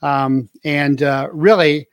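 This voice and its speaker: A man's voice: a little high, steady tone, slow pace, smooth. A man hosting his own show, talking in a casual, rambling monologue with many filler words and an earnest tone. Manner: earnest and patriotic. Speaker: show host.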